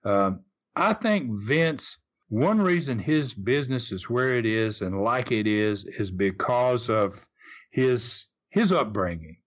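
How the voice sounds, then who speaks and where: A man's voice: medium pitch, expressive, takes it slowly. An older man with a Southern US accent, a retired wrestling promoter, telling stories in a casual interview in a rambling, folksy way with many restarts.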